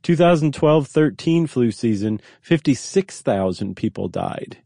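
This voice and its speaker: A man's voice: mid-range voice, lively intonation, a little slow, vocal fry, mellow, no room sound, clean studio sound. A man hosting a podcast, explaining facts in casual chat with fillers and restarts. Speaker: podcast host.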